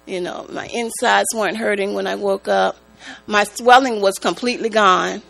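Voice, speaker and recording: A woman giving a church testimony, speaking in a slow, halting, emotional way. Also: mid-range voice, creaky, faint music behind, poor audio. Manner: slow, halting, emotional, prone to rising excitement. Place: church sanctuary. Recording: mains hum in the background.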